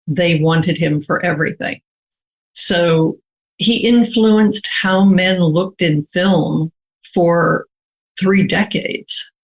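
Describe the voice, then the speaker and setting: An older American woman, an author, answering interview questions in a measured, thoughtful way, slowly stretching her key words. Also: on the low side, low-quality recording. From United States.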